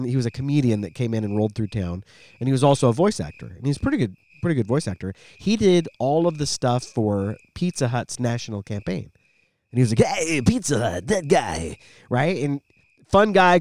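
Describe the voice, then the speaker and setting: This middle-aged man talks with a swooping, lively pitch, an animated storyteller with the ease of a former radio voice guy. His voice sits close and dry on the podcast mic, with no room sound around it. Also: dry recording. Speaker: podcast co-host. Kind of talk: casual podcast chat.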